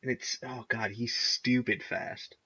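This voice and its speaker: A young man co-hosting a podcast in casual chat, excitedly recapping TV episodes and often laughing as he retells scenes. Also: mid-range voice, measured pace, breathy edge. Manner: excitable, laughs often, acts out characters' lines. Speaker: podcast co-host. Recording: dull lo-fi recording.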